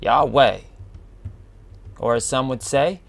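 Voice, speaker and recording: Slow, drawling man on a casual podcast. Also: medium pitch. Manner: slow, drawn-out, addresses listener as man and bro. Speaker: podcast host. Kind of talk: casual monologue reading definitions aloud.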